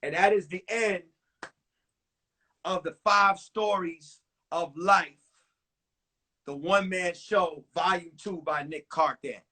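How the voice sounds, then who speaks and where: A young comedian tells his story with punchy, profane energy. His voice is husky, breathy, and sits high for a man. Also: slow pace, pauses often, sharp tone. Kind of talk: one-man stand-up storytelling on a live stream.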